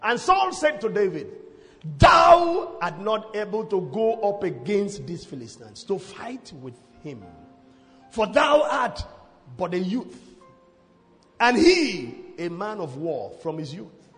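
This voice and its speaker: A male preacher with a high, bright, sharp voice that swings widely up and down as he booms out his sermon. He shouts his prayers and scripture readings, and the sound rings with long reverb under faint music. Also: very animated, slow.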